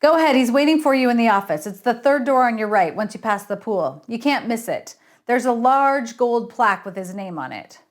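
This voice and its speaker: A woman's voice: on the high side, lively intonation, a little fast, lightly acted. A woman doing a surly young hotel clerk. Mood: offhand. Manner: offhand, mumbling names.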